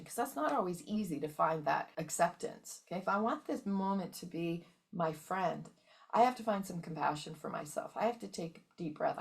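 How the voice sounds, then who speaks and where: A woman's voice: mid-range voice, creaky. A woman hosting a motivational wellness talk, emphatic and often checking in with her listeners. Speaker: wellness coach and host.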